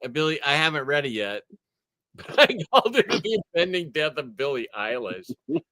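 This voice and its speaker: A man's voice: fairly high pitch, sing-song, moderate pace, pushed and bright, no room sound. A man hosting a casual show, telling stories and chuckling often. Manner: chuckling, storytelling. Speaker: host. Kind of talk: casual chat.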